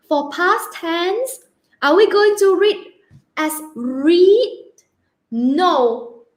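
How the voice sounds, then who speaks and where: Slow, patient woman teacher, echoey room. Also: very high voice, a bit bright. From Malaysia. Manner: slow, patient, spells words out letter by letter; peppers speech with "okay?" checks. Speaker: primary school English teacher. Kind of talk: online grammar lesson.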